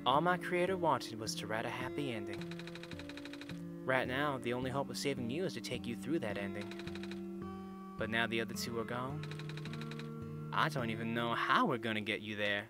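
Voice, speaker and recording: A man reading the lines of a calm helper robot in a steady, explanatory way. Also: mid-range voice, close to an everyday voice.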